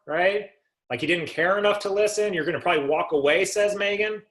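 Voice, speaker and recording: A man's voice: high voice, a little fast, a bit bright. A man leading a sales coaching call, asking rhetorical questions and checking in with his listeners. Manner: rhetorical, keeps asking "right?". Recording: echoey room.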